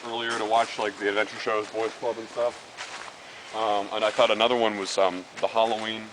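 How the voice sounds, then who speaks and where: Chatting casually with his friend on a vlog, this young man speaks at a moderate pace with a fairly low pitch and level tone. Rambling and offhand, he often drifts a bit off the camera mic as the scene shifts from the woods to indoors at home, with clear background noise in the camcorder audio.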